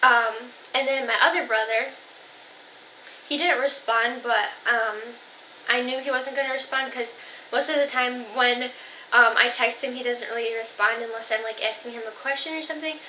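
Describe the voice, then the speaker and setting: A twenty-year-old woman chats to camera in a bright, sharp-toned voice that sits a little high. She rambles through a story with plenty of "like" and "um" fillers. The room around her is echoey. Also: steady tone, moderate pace, slight background noise. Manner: chatty storytelling, full of "like" and "um", quoting family texts. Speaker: vlogger. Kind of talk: casual chat to camera.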